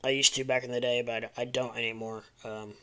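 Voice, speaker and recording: A man's voice: mid-range voice, flat delivery, fairly quick, a bit bright. A man hosting a casual live stream, rambling and muttering to himself between remarks to his viewers. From American Midwest.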